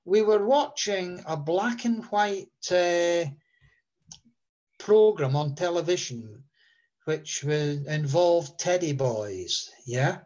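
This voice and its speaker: A man's voice: a little high, animated, slow pace, darkish tone, muffled recording. A man, a guest telling a long story in a rambling way with many fillers. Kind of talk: relaxed storytelling.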